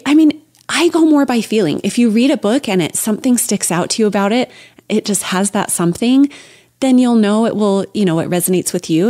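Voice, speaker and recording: A young woman chats as a podcast guest at a middle pitch, in an animated, easygoing way. She talks freely and laughs often. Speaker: podcast guest, children's book writer. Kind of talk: casual interview chat.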